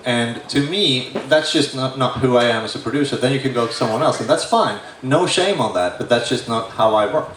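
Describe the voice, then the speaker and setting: A man's voice: medium pitch, brisk, few pauses, fairly bright tone. Blunt middle-aged man in an echoey room. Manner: blunt, opinionated, frank with dry humor. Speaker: record producer. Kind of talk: panel discussion. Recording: echoey room, distant mic, faint noise.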